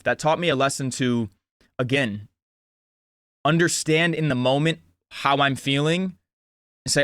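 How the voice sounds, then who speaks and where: A man's voice: mid-range voice, unhurried, long pauses, a bit bright, smooth, no room sound, studio quality. A man in his twenties with an earnest, casual way of talking who gives life advice in a vlog, full of "like" and restarts. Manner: earnest, talks with lots of "like" and restarts. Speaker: vlogger. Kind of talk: casual motivational monologue.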